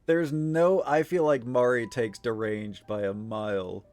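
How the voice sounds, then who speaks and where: A man's voice: mid-range voice, steady tone, a little slow, a little mellow. A man streaming live, chatting casually with viewers in a rambling way, full of fillers, frequent swearing and easy laughs. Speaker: livestreamer.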